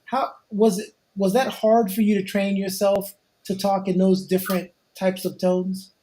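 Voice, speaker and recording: A man's voice: sits high, flat delivery, measured pace, mellow. Chatty male interview host. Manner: conversational, reads listener questions. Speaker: show host. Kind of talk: casual interview.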